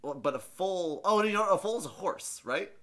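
A man co-hosting a comedy podcast, his voice bright and his pitch lively as he trades wry, deadpan jokes. His asides come in a casual, chatty way. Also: moderate pace. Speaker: podcast co-host.

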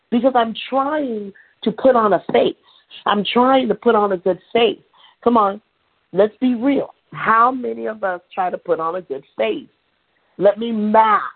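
A woman preaching a sermon in a conversational, animated way, laughing now and then. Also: mid-range voice, breathy edge. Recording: tinny phone-like sound.

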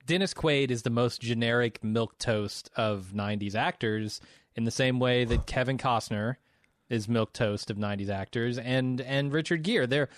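A man's voice: mid-range voice, moderate pace, no echo, clean studio sound. A man co-hosting a podcast, giving blunt, opinionated movie takes in casual chat and laughing often. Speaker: podcast co-host.

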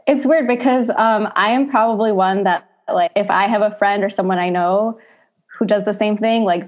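A young woman chatting casually as a podcast guest, saying "like" a lot and laughing easily. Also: mid-range voice. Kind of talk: casual chat.

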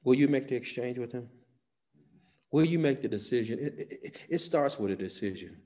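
Male preacher mid-sermon, emphatic bursts against hushed lines, mid-pitched voice. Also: lively intonation, moderate pace. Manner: dynamic preaching with sudden loud peaks and soft drops.

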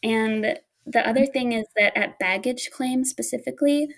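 A woman's voice: on the high side, normal speed, a bit bright. A woman telling stories in casual chat, laughing often as she talks.

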